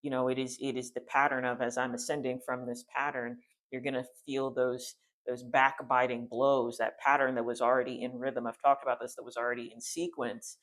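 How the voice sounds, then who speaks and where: Male spiritual teacher, mid pitch, casual rambling storytelling delivery. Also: little pitch movement, a little fast, a bit bright. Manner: rambling, many restarts and fillers, conversational.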